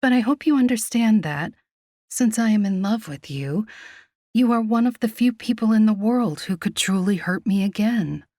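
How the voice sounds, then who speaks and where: A woman voicing a wounded young woman captain in a storybook romance, speaking softly and earnestly. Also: mid-range voice, animated, moderate pace, dry recording, studio quality, close to an everyday voice. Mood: tender. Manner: soft and earnest.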